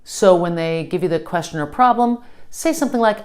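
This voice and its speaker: A woman's voice: lowish voice, lively intonation, brisk, darkish tone. A woman teaching a customer service lesson, upbeat and checking in often with "okay?". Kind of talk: instructional lesson.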